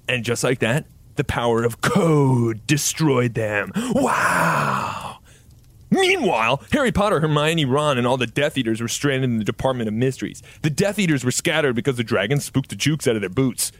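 Brief: man narrating absurd fan fiction, lively swooping pitch, dry close sound. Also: moderate pace, dry recording. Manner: animated, mock-dramatic narration with sound effects. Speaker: comedian reading his own parody fan fiction. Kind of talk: comedic deadpan story reading.

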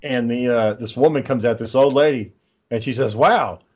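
A man's voice: medium pitch, fairly quick. A man hosting a podcast, telling a long story in casual chat, swearing often and sounding exasperated. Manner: profane, exasperated, lively storyteller. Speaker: podcast host.

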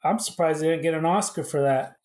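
A man's voice: a little high, brisk, a loud crowd. A man co-hosting a podcast in casual chat, joking and laid-back. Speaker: podcast co-host.

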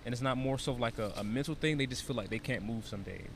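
A man's voice: medium pitch, quick pace, slight background noise. A man in casual conversation, explaining ideas animatedly with analogies and casual swearing. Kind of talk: casual chat.

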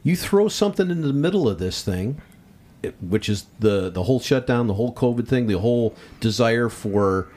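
A man's voice: medium pitch, animated, normal speed, darkish tone. A man co-hosting a casual podcast, joking and rambling with frequent restarts. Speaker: podcast co-host. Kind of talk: casual chat.

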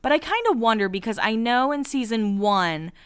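A woman's voice: on the high side, animated, moderate pace, clear, resonant tone. A woman hosting a podcast, giving a casual, gossipy recap in a candid style with casual swearing. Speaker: podcast host recapping a reality show.

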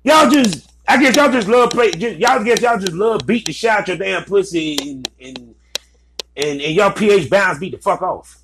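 A man's voice: high-pitched, expressive, moderate pace, a bit bright, slight background noise. A man giving blunt, profane business advice in a casual, ranting commentary. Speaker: vlogger giving advice to content creators.

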